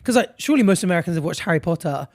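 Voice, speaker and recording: A man's voice: high-pitched, lively intonation, racing, no echo. A man from England co-hosting a podcast in casual, jokey chat, throwing in meme quotes. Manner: chatty, jokey, quotes internet memes. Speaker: podcast co-host.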